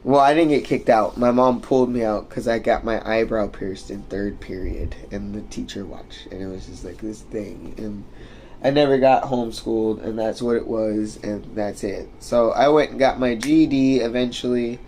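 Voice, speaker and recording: A man's voice: fairly low pitch, fairly even intonation, normal speed, a little mellow, slight background noise. A young man ranting and telling stories casually, rambling and swearing a lot with many fillers. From United States. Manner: rambling, profane, full of fillers. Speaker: streamer. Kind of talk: casual storytelling rant.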